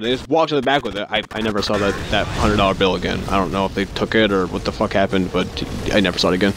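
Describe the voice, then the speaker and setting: A young man telling work stories in a casual vlog, rambling and sarcastic, swearing constantly and acting out other people with sudden jumps in pitch. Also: fairly even intonation, fast talker, few pauses, noisy background. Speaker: vlogger.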